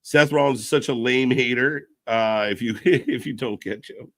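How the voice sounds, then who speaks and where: A man giving casual live commentary, reacting excitedly and chatting to viewers. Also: normal speed. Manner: excitable, pitch jumps when reacting, chatty asides to viewers.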